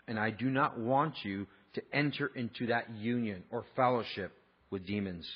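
Husky-voiced pastor preaching a sermon. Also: male voice, medium pitch, moderate pace, highs cut off. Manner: conversational, emphatic, storytelling. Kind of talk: sermon with personal anecdote.

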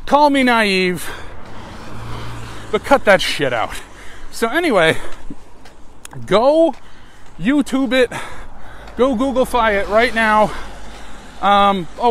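A man's voice: high voice, very animated, slow, pauses often, a bit bright, slight background noise. An American man hosting an improvised podcast, rambling and irreverent, with frequent swearing. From United States. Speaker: podcast host. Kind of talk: improvised casual monologue.

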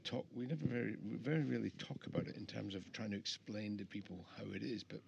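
A man's voice: fairly low pitch, fast, gravelly, dull audio. A middle-aged man, an architect guest, talking in a rambling, reflective way with many restarts, in casual interview chat. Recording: faint background noise.

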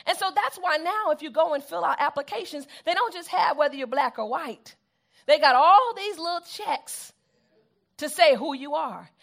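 A woman's voice: sits high, a bit bright. A woman preaching a sermon, repeating phrases for emphasis and calling on the congregation to answer back.

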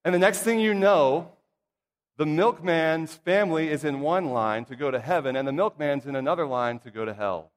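A middle-aged man preaching a sermon to his congregation, telling childhood stories in a folksy, humorous way with lively asides. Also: fairly high pitch, moderate pace. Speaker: pastor or church minister. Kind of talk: casual storytelling sermon. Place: church sanctuary. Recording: long hall reverb.

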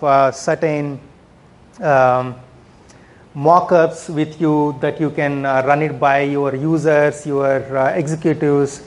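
A man's voice: a little high, a little mellow. A man giving a conference talk on product management, speaking conversationally and often ending points with "right?". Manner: conversational, frequent "right?" tags and fillers.

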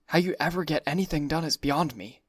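A man's voice: fairly high pitch, a little fast, no echo, clean studio sound, pitched above the performer's own voice, lightly acted. A man playing a blunt, arrogant rich husband. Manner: blunt, decisive. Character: restless, blunt, arrogant wealthy young husband.

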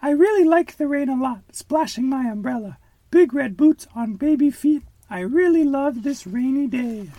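A man's voice: very high voice, lively intonation, takes it slowly, few pauses, darkish tone, no room sound, voice pushed up, full character voice. A man voicing a small, cranky young duckling girl in a children's storybook, whiny and pouting. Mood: happy singing. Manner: whiny, pouting sing-song.

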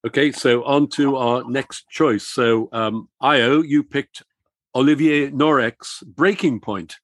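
A man's voice: mid-range voice, slow pace, dry recording. A man hosting a casual book discussion and steering it with questions. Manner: leads with questions, chatty and inquisitive. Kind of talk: casual chat.

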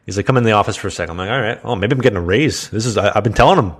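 A man's voice: on the low side, very fast. A young man hosting a podcast, telling a crude work story in casual chat with lots of laughter. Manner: laughing, crude, animated anecdote. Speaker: podcast host.

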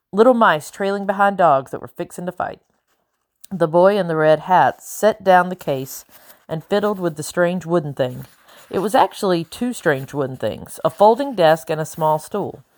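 A woman narrating a first-person audiobook in a steady, measured storytelling style on a close studio mic. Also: fairly low pitch, no room sound.

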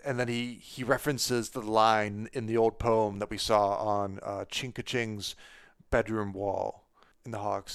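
A man's voice: lowish voice, fairly even intonation, measured pace, creaky, clear, resonant tone, no room sound, clean studio sound. A man co-hosting a podcast, talking casually about a book with many fillers and restarts. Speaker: podcast co-host.

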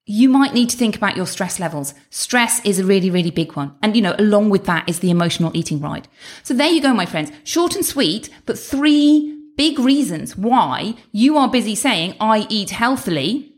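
A woman talking as a weight-loss coach, chatty and encouraging, with asides and quick self-corrections. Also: medium pitch, very animated. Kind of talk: direct-address coaching talk.

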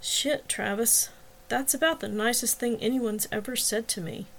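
A man's voice: very high-pitched, moderate pace, vocal fry, a bit bright, exaggerated voice. A self-pitying deaf young man, a little drunk, mumbles his way through his words, as a woman reads him aloud. He puts himself down in a storybook reading. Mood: bitter.

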